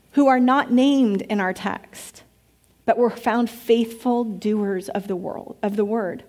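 A woman pastor giving a conversational sermon, chatty and candid, with quick asides and open enthusiasm. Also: medium pitch, darkish tone. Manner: enthusiastic when describing places.

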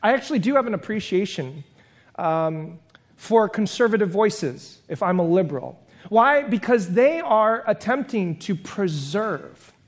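High-voiced male pastor, reflective. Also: expressive, measured pace. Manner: reflective, builds long lists with falling pitch; self-deprecating, conversational asides. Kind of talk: sermon.

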